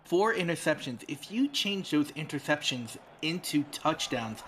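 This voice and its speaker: A man's voice: on the high side, lively intonation, normal speed, fairly bright tone, a little hiss or hum. A man with a New York accent giving analytical color commentary on a football game, breaking down stats and plays.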